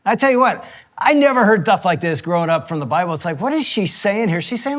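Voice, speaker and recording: Middle-aged male pastor-host; animated storyteller who acts out quotes, sits slightly high. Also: quick pace. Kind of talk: casual storytelling chat.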